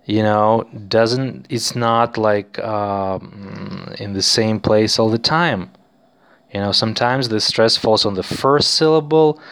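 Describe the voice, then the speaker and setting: A man's voice: fairly low pitch, fairly bright tone. A young man, teaching a casual podcast language lesson in a chatty, encouraging way with many fillers.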